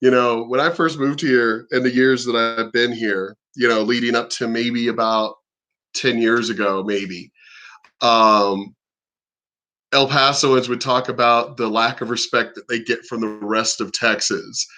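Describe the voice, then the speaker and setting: A man's voice: mid-range voice, fairly even intonation, unhurried, bright, forceful tone. A man from the East Coast ranting bluntly and animatedly on his vlog, cursing freely. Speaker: vlogger. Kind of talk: casual profane rant.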